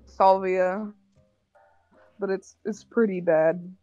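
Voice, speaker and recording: A woman's voice: medium pitch, fairly even intonation, slow, mellow, dry recording, lo-fi sound, soft background music. A woman telling a rambling story in casual chat, full of fillers. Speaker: gaming co-host. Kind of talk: casual chat while gaming.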